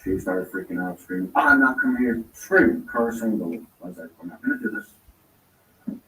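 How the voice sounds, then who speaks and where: Male guest, low register, rambling casual storyteller, echoey room with faint background hiss. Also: normal speed, fairly bright tone. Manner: rambling, acts out quoted lines of dialogue. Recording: roomy echo, distant from mic.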